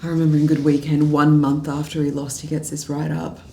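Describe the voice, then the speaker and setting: A woman's voice: low voice, monotone, fairly quick, darkish tone, echoey room, slight background noise. An actress playing a drunk Australian political media adviser, bitter and sarcastic as she rambles through a story. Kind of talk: film drama dialogue.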